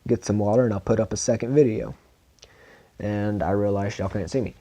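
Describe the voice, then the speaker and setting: A man with a Southern country accent reads a novel aloud in a relaxed, informal manner, his voice low and mellow. He stumbles now and then and repeats words, and his mouth sounds dry. The sound is close and dry, with no room echo. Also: fairly quick. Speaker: audiobook reader. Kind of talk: amateur audiobook reading.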